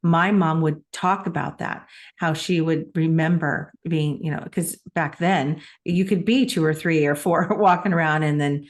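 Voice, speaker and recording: Earnest middle-aged woman with a lowish voice. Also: steady tone, a little slow, few pauses. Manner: earnest, emotional, reflective storytelling with frequent laughs. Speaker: podcast co-host. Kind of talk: personal storytelling in a conversational podcast.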